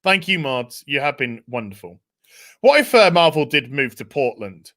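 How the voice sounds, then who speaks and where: A man's voice: medium pitch, sing-song, normal speed, a bit bright. A man hosting a casual podcast, swearing freely and reading out viewer messages. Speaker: podcast host.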